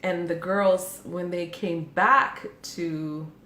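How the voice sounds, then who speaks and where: A woman in her forties telling a family story in a casual chat, animated and often laughing as she acts out what her family said. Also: lowish voice, takes it slowly. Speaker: podcast co-host. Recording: echoey room with faint background noise.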